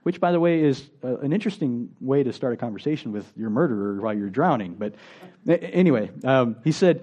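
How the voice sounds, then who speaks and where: Conversational male pastor, mellow voice. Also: medium pitch, expressive, a little fast. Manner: conversational, asks the congregation rhetorical questions. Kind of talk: sermon.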